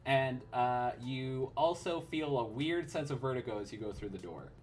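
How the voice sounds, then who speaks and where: A man's voice: medium pitch, normal speed, a little hiss or hum. Guy running a tabletop game, chill narration, lots of uhs. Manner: relaxed, many fillers. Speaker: game master.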